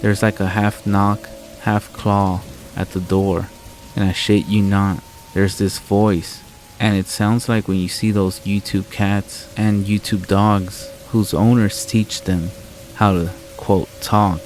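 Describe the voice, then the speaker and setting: A man reads a scary story aloud in a calm, deadpan, measured way. His voice sits very low and barely moves in pitch. Soft music plays faintly under the rain behind him. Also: poor audio. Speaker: horror story narrator. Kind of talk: scripted narration.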